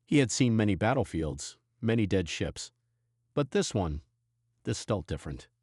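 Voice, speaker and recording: A man reading a science fiction story in a steady, measured storytelling voice. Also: lowish voice, husky, no room sound, studio quality. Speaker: narrator. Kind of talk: scripted sci-fi narration.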